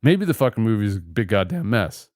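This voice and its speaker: Animated sarcastic man with a lively voice. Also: lowish voice, a little fast, no echo, clean studio sound. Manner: animated, sarcastic, swears freely. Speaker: podcast co-host. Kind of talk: casual film podcast chat.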